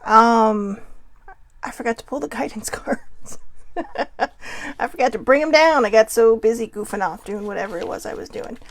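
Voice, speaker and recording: A woman hosting her own vlog, chatting casually with frequent fillers and laughs, telling stories with lively quoted voices. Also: a little high, moderate pace, long pauses, a little hiss or hum. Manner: animated, lively quoting in dream story. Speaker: vlog host. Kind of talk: casual rambling chat.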